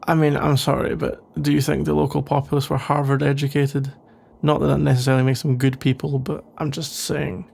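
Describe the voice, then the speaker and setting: A man playing a sarcastic young male office rival in an ASMR role-play, speaking in a dry, grumbling way with a gravelly voice. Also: mid-range voice, flat delivery, fairly quick, hardly any pauses, darkish tone.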